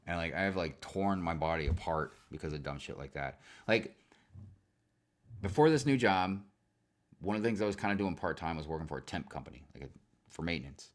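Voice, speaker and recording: A man ranting in a casual stream monologue, swearing a lot and telling work stories with animated, heated delivery. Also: low-pitched, a little fast. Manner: profane, animated storytelling with frequent swearing and fillers.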